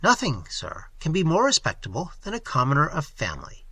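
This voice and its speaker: A prim, fussy master of ceremonies, all bows and polite curiosity, voiced by a male reader. His questions lift high and brightly, with a slightly husky grain underneath. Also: wildly swooping pitch, brisk, no room sound, exaggerated voice. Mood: polite, prying. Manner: fawning, polite, prying.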